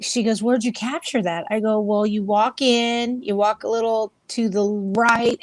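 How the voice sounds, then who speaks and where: A chatty woman guest in an interview, rambling through her paranormal investigations with plenty of fillers and lively quoted voices. Her voice sits at an ordinary middle pitch and sounds close and dry, with little room sound. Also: dry recording. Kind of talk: casual interview storytelling.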